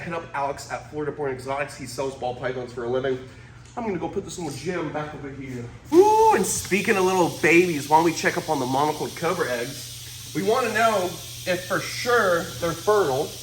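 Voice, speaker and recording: An enthusiastic man hosting an animal vlog, breaking into high excited exclamations. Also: roomy sound, slight background noise. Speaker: reptile keeper and show host.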